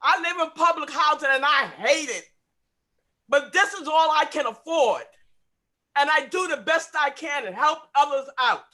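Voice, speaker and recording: A man's voice: extremely high pitch, normal speed, sharp tone. A man speaking at an online meeting, emotionally upset, insistent and repeating his points. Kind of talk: impassioned remarks at an online meeting.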